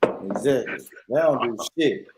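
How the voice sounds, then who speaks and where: A man's voice: mid-range voice, lively intonation, a little slow, background noise. A man, co-hosting a podcast in casual banter, joking loosely in drawling slang. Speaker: podcast co-host.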